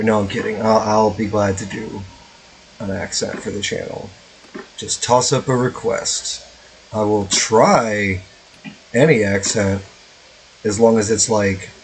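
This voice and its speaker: A man's voice: lowish voice, low-quality recording. A man casually commentating his gameplay as a streamer, rambling with lots of fillers and offhand swearing.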